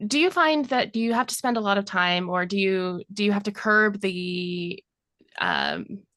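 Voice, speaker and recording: A woman's voice: medium pitch, sing-song, measured pace, fairly bright tone, dry recording, studio quality. A woman interviewing a podcast producer, asking eager, curious questions in a casual chat.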